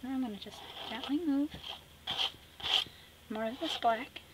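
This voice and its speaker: A middle-aged woman hosting an art tutorial, chatty and teasing, narrating as she paints and dropping into soft whispered asides. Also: high-pitched, unhurried, very noisy.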